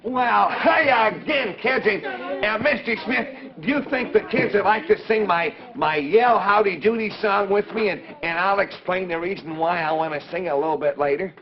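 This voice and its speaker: A chirpy, high-pitched boy puppet, put on by a man, all eager friendliness. He sings and talks in a bouncy, sing-song lilt with drawn-out words. The sound is dull and muffled, like an old 1940s TV recording. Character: cheerful freckled boy marionette, eager and friendly. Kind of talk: 1940s children's television puppet voice.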